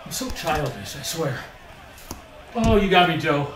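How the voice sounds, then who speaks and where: A man's voice: a little high, expressive, measured pace, roomy sound, far from the mic, low-quality recording. A man trash-talking an opponent while playing a VR boxing game, teasing and out of breath. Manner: teasing, chatty, exclaims a lot. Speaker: gaming video creator.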